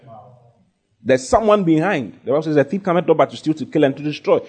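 Male pastor, sermon delivery, warm and husky, repetitive emphatic build. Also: fairly high pitch, expressive, fast talker. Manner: repetitive, rising to emphatic preaching.

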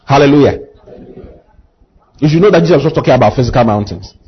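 A male pastor preaches with call-and-response, asking the congregation to repeat after him as he builds to impassioned emphasis. His mid-range voice is husky and animated, his pace quick, and the audio sounds dull.

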